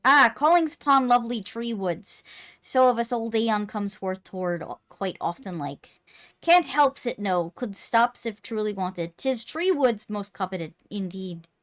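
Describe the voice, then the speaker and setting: A woman's voice: mid-range voice, expressive, measured pace, fairly bright tone. A woman voicing a quaint ancient forest creature, speaking in broken archaic phrases with tender affection. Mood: fond.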